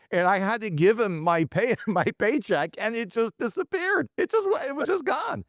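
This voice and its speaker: A man's voice: sits high, moderate pace, hardly any pauses, no echo, clean studio sound. A man in his forties, a guest on a podcast, telling a story in a casual interview and acting out the quotes. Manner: animated, acts out quotes. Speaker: podcast guest, automotive CEO.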